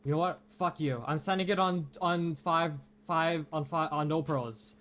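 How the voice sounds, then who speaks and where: The tournament streamer's voice is mid-range and a bit bright, with fairly even intonation at normal speed over slight background noise. Their live game commentary is frantic, laced with swearing and outbursts mocking their own mistakes.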